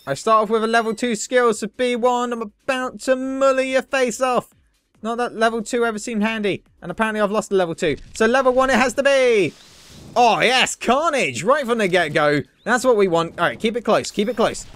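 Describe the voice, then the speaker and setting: A young man commentating his own gameplay, excitable, swearing and joking at himself. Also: very high voice, moderate pace, no room sound. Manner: excitable, swearing, self-mocking jokes. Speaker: gaming video host. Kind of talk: let's play commentary.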